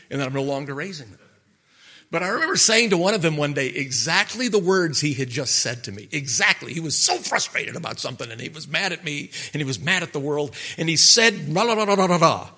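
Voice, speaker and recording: A middle-aged male pastor gives a conversational sermon, throwing rhetorical questions at his congregation in a homely, folksy manner. His voice is bright and forceful and sits slightly above the usual male range. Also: on the high side, husky. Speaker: pastor and marriage counselor.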